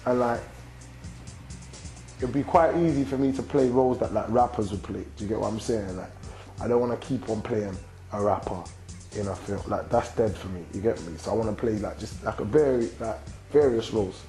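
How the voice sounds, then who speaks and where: Gravelly, low-voiced young London man. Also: a little fast, mellow, faint music behind, rough recording. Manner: slang-heavy, constant "you get me" tags. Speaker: rapper and actor being interviewed. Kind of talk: casual interview answers.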